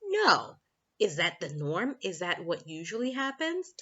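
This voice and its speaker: Woman, relationship coach, casual frank vlog talk, bright forceful tone, lo-fi home recording. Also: lowish voice, sing-song, moderate pace. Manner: chatty, frank, laughs often, breaks off to talk to her kids. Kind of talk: casual talking-head vlog.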